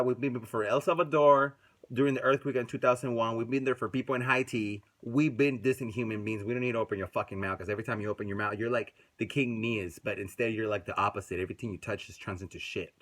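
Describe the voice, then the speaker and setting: Man, angry casual commentary, lots of swearing, swings between loud and quiet. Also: medium pitch, fast. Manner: profane, ranting, swings loud and soft. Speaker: video commentator.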